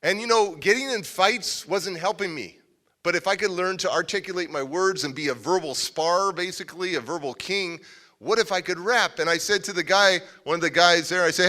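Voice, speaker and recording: On a civic center stage, a motivational speaker with a high voice tells a story at a normal pace. He's animated, acting out the voices of the people in his tale during the live speech.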